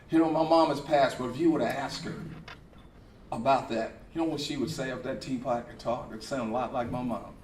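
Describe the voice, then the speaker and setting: A man's voice: a little high, slight background noise. Man, middle-aged, motivational speech, emphatic and repetitive, echoey hall, distant mic. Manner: emphatic and repetitive, with rising, preaching cadence. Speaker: coach and speaker. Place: event hall. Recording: echoey hall, speaker far from mic, faint ambience.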